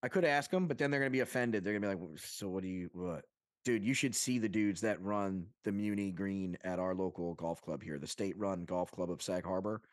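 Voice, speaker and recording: A man's voice: low voice, a little fast, few pauses, no echo, studio quality. A young man from Long Island co-hosting a casual podcast chat, talking animatedly, swearing and joking. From Long Island, New York. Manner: animated, swearing, jokey with fake accents. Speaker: podcast co-host.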